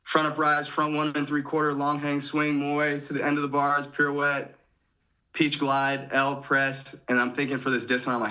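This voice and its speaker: A man's voice: fairly high pitch, little pitch movement, normal speed, pushed and bright, low-quality recording. A man in his thirties from Michigan, a podcast guest casually retelling events and often quoting his own thoughts. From Michigan, USA. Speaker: podcast guest, former gymnast. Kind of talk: casual storytelling.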